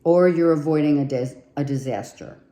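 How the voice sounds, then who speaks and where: A woman's voice: deep voice, moderate pace, mellow, echoey room. A woman giving a casual tarot reading to her viewers, chatty and repetitive, thinking aloud as she pulls cards, her voice nearly giving out. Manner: chatty, repeats herself, thinks aloud while pulling cards. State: losing her voice. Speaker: tarot reader.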